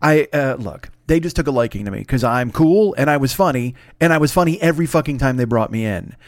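A man's voice: mid-range voice, expressive, brisk, dry recording, studio quality. A man, a comedy writer, telling a rambling, profane and self-mocking story in casual podcast chat. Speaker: podcast host.

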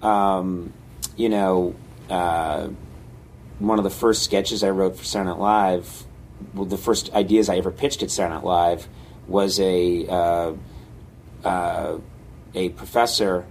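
A man, a comedy writer, in casual chat, telling rambling, animated stories with many fillers. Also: deep voice, measured pace, pauses often, a little hiss or hum.

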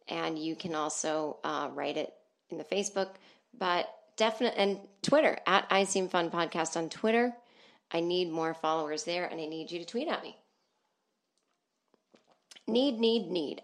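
A woman hosting her comedy podcast, rambling and self-deprecating, swearing freely from a small soundproof booth. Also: lowish voice. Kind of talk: casual comedic monologue.

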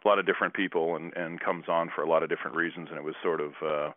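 Man in his 40s, very low voice, dry wry humor, halting, tinny phone line, dead-dry sound. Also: fairly even intonation, no echo. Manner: dry self-deprecating humor, halting with fillers. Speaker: former basketball player, guest. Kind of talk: casual storytelling interview.

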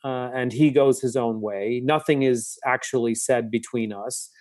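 A man, a book's author, recounting a personal story in a reflective, halting way with frequent restarts. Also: mid-range voice, steady tone, darkish tone, dry recording, studio quality. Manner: thoughtful, halting, many restarts. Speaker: author and guest.

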